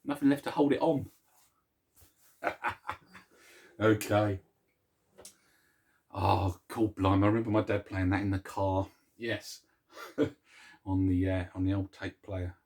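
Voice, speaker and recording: A middle-aged man hosting a daily song video series, chatting casually to camera in a soft, chuckling, self-mocking way. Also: deep voice, fairly even intonation, slow, pauses often.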